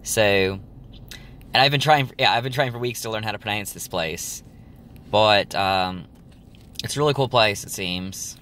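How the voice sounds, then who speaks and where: Rambling young man, low voice. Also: moderate pace, pauses often, fairly bright tone. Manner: rambling, full of ums and likes. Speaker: vlogger. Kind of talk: casual chat to camera.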